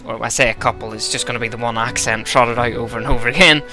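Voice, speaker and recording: A man's voice: mid-range voice, fairly even intonation, fast, over music. A tipsy man narrating a story game, joking and rambling between lines. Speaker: let's-play narrator.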